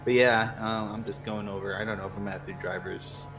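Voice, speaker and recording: A man acting as league admin in a relaxed voice chat. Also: lowish voice, quick pace, music in the background. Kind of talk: casual chat.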